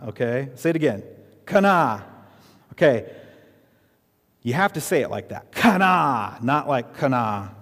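A man preaching a sermon as pastor, emphatic and repetitive, leading the congregation in call-and-response. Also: mid-range voice. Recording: reverberant hall.

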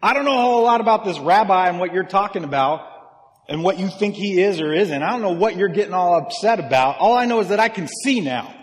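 A man's voice: high-pitched, unhurried, big-room sound, voice pushed up. A man voicing an exasperated, defiant formerly blind man, retorting mockingly in a sermon.

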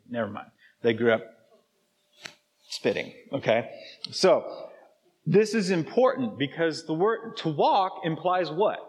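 A man's voice: fairly high pitch, slightly rough. A man preaching a sermon to his congregation, with a conversational manner and constant check-ins like "okay?" and "right?". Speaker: pastor. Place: church sanctuary. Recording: live church hall with long reverb.

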